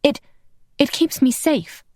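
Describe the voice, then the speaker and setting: A woman's voice: slow pace, a little mellow, no echo, studio quality, lightly acted. A woman voicing a wry, defensive, hot-tempered female vampire in an audiobook. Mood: guarded. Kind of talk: audiobook character voice.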